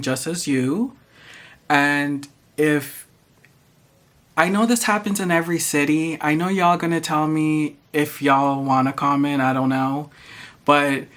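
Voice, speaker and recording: A man's voice: fairly high pitch, fairly bright tone. A man ranting to camera in a vlog, exasperated, profane and sassy. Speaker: vlogger. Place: Toronto.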